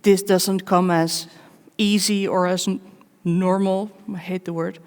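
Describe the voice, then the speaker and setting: A woman giving a live conference talk, candid and personal, with wry self-mocking asides and measured pauses between short phrases. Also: fairly low pitch, little pitch movement, a little mellow. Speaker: conference speaker. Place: large conference hall. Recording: long reverb of a big hall.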